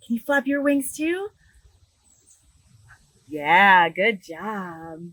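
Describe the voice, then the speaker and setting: A woman's voice: mid-range voice, drawn-out words, pauses often, fairly bright tone, no room sound, poor audio. A woman librarian reading a picture book aloud to children in a sing-song storytime voice, outdoors in a garden. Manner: enthusiastic, sing-song, talks directly to children.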